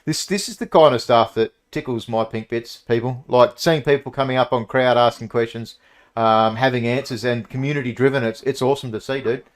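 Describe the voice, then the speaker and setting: A man's voice: medium pitch, a little fast. Upbeat Australian male host. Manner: upbeat, enthusiastic. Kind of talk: casual chat.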